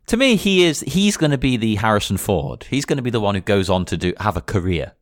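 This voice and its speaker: A man's voice: fairly low pitch, very animated, fairly quick, no room sound, clean studio sound. A man co-hosting a podcast, chatting casually and playfully, laughing often. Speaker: podcast co-host. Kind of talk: casual chat.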